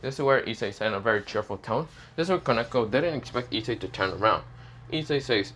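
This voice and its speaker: A man's voice: medium pitch, expressive, fast, fairly bright tone, slight background noise. A man improvising a fan fiction story in a rambling, crude, casual way.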